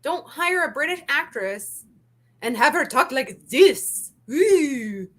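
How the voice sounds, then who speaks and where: A woman with a high, bright voice hosts a casual review chat. She talks in an animated, emphatic rush and hammers her points home by repeating them. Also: unhurried. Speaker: channel host.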